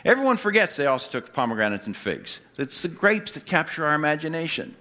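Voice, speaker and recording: A male pastor delivers a sermon in a bright, slightly high voice. He quizzes the congregation with questions and slips in wry jokes as he preaches. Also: very animated, fast.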